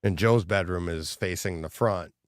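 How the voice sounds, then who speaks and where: A man's voice: low-pitched, normal speed, dry recording, clean studio sound. A middle-aged man co-hosting a podcast in casual chat, telling stories with lots of laughter and acted-out quotes. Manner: animated storyteller, laughs often, acts out quotes. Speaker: podcast co-host.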